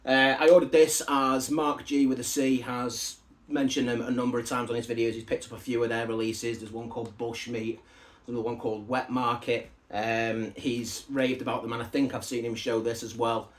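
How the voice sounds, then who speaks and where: A man talks casually as he shows off a parcel of records. He rambles into asides, and his voice drops softer whenever he wanders off on a tangent. His voice sits at an ordinary middle pitch. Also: flat delivery, normal speed. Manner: rambling and chatty, with asides and side stories. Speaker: record collector showing a parcel of vinyl albums. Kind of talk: casual unboxing chat to camera.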